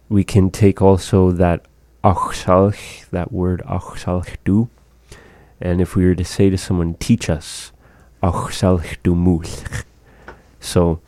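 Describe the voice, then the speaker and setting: A man teaching a language lesson, repeating each phrase slowly and carefully for learners. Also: sits low, warm tone, dry recording.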